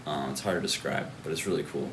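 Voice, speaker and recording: A low-voiced man hosts a relaxed catch-up conversation, rambling a bit and teasing his friend. He leans on "like" as a filler. A faint background hum runs under his voice. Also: fast. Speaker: host. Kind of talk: casual chat.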